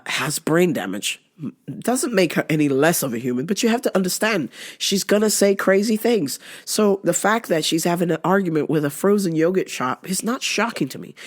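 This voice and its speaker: A brash woman rants her way through a casual comedy podcast. Her low voice swings widely up and down as she swears and mocks. She talks loose and unfiltered, like she's riffing with friends. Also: animated, moderate pace. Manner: brash, profane, laughing, mocking quoted voices. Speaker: podcast host.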